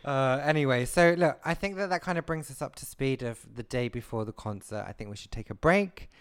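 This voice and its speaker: A man's voice: mid-range voice, fairly quick, clear, resonant tone, no echo, clean studio sound. A man co-hosting a podcast in casual chat, talkative and laughing easily, often trailing off mid-thought. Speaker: podcast co-host.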